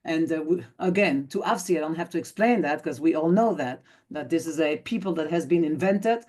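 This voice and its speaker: Belgian-born woman, 50s, lowish voice, emphatic speaker on a video call, acts out dialogue. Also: fairly quick, darkish tone. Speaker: guest speaker, activist. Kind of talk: online talk.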